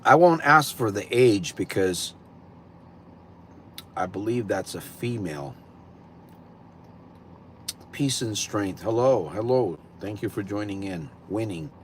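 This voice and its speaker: A man's voice: on the low side, expressive, slow, long pauses, slight background noise. A middle-aged man hosting a livestream in casual, rambling talk, repeating himself for emphasis. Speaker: livestream host.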